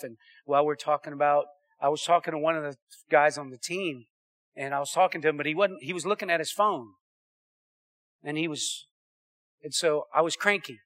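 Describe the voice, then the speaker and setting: A man preaching a sermon, calling out to the congregation and swinging from loud to quiet. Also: on the high side. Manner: animated preaching with audience call-outs. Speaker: pastor.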